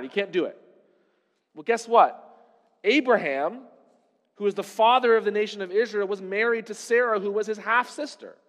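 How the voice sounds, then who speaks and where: A man's voice: sits high, a bit bright, long reverb tail. A man preaching a sermon to a congregation in a conversational way, full of rhetorical questions. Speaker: pastor.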